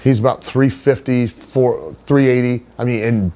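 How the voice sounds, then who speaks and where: A middle-aged man in an interview, telling stories in a casual, animated way. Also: measured pace. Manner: animated storyteller, does high put-on voices for others. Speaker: wrestler being interviewed.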